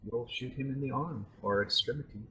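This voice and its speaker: A man with a bright, forward voice runs a tabletop role-playing fight, pausing and thinking aloud as he makes rulings. His pitch sits in a plain middle range. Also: breathy edge. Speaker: game master. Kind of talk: narrating a tabletop combat.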